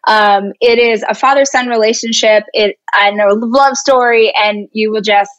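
Animated woman in her thirties. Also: fairly high pitch, normal speed, no echo, lo-fi sound. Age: 30s. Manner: animated and expressive, laughs easily. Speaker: guest speaker. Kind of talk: casual interview chat.

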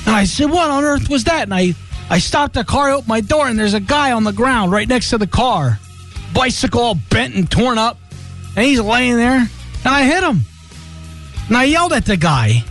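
A man's voice: sits high, sing-song, moderate pace, a bit bright, soft background music. A male radio host telling a casual story and acting out the voices of his family. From New Jersey.

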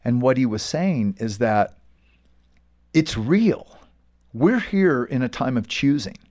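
A man's voice: mid-range voice, animated, slow, darkish tone. A man, a pastor and author, earnestly recounting stories as a guest in a faith interview. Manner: earnest, storytelling.

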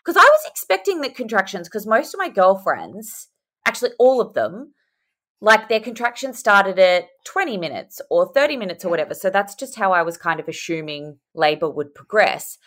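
A young woman, a podcast guest telling her story in a chatty, animated way over a video call. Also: medium pitch, moderate pace. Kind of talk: casual chat.

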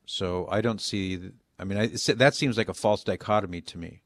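A man hosting a call-in show, answering a caller with measured, deliberate reasoning and frequent restarts. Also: deep voice, no room sound, studio quality. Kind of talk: call-in advice on faith.

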